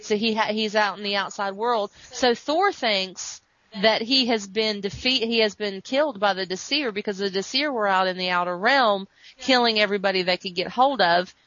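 A woman's voice: mid-range voice, moderate pace, a bit bright, dry recording. A woman podcast host in casual chat, animatedly retelling a comic story and acting out quotes. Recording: muffled dry recording.

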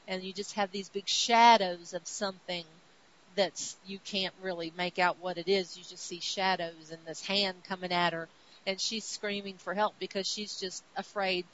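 A woman's voice: medium pitch, fairly bright tone, highs cut off, slight background noise. A woman hosting a podcast, chatty, casually recapping a comic book story and quoting characters, with many restarts. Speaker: podcast host.

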